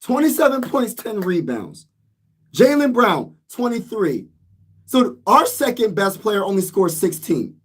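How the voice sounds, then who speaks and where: A man's voice: sits high, very animated, unhurried, slightly rough. A man vlogging about a basketball loss in a casual, exasperated rant, repeating himself and speaking. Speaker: sports vlogger.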